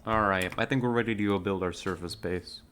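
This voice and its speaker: A woman's voice: extremely low pitch, fairly quick, fairly bright tone. A woman from California streaming a game, chatting with viewers in a laid-back, giggly way on a headset mic. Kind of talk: casual live-stream chat.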